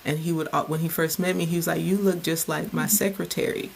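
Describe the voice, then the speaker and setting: A woman who works as a caregiver, chatting in a relaxed way with trailing restarts. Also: low-pitched, fairly quick, creaky, a little hiss or hum. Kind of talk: casual chat.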